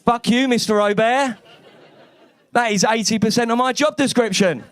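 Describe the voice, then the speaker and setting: Brash high-voiced London comedian. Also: male voice, moderate pace, clear, resonant tone. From East London. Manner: brash, swearing, cheeky. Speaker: stand-up comedian. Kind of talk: stand-up comedy set. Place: comedy club stage.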